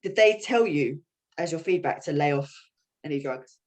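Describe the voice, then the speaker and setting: A woman's voice: sits low, lively intonation, normal speed, a little mellow. A woman hosting a podcast in casual chat, blunt and swearing freely as she talks. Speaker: podcast host.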